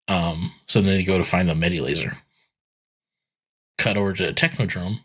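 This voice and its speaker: Podcast co-host: a man, low and husky, loose rambling recap. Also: normal speed, fairly bright tone. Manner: rambling, filler-heavy retelling with acted quotes. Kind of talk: casual episode recap.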